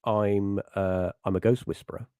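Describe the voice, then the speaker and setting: A man's voice: lowish voice, steady tone, moderate pace, a little mellow, clean tone, no echo. Man, middle-aged, podcast host, rambling chat, acts out quotes, dry close sound. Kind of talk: casual chat.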